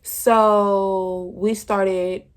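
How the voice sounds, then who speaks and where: A woman's voice: medium pitch, flat delivery, extremely slow. A young woman telling a casual storytime to her viewers, chatty and dramatic, full of "like" and "y'all.". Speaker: vlogger. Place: room with her sister asleep behind her.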